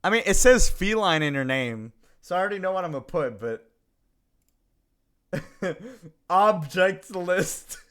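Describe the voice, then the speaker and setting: Playful male streamer with a lively voice. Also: a little high, normal speed, pauses often, smooth. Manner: playful, reading chat aloud and greeting viewers; lots of giggling and sudden bursts of excitement. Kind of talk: casual live-stream chat.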